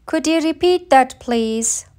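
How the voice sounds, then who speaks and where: Woman teacher, high voice, very slow and clear drill reading for learners. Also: animated, darkish tone. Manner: says each phrase slowly and plainly, often twice. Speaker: English teacher. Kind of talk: slow read-aloud phrase drill.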